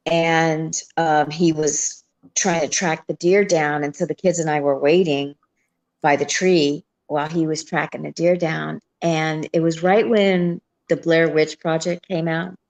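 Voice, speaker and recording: A woman's voice: low voice, fairly even intonation, a little slow, darkish tone. An older woman with grandchildren, frankly telling family stories in a casual livestream chat, laughing often.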